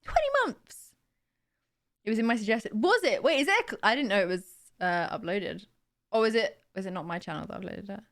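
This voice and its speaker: A woman's voice: medium pitch, lively intonation, quick pace, fairly bright tone. A young woman streamer in casual live-stream chat, laughing often and reading out chat messages.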